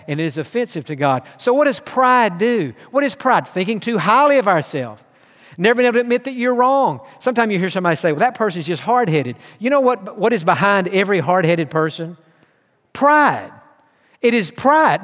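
Earnest guy preaching, kinda high voice, long echo tail like a big hall. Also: sing-song, normal speed, a bit bright. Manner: earnest preaching, reads scripture aloud, rising emphasis. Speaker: pastor. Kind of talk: sermon.

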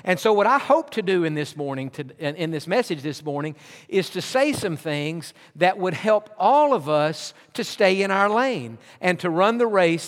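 A man with a high-pitched voice preaches a sermon, pressing his points with repeated refrains. His words ring out with a long reverb from a large hall. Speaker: pastor.

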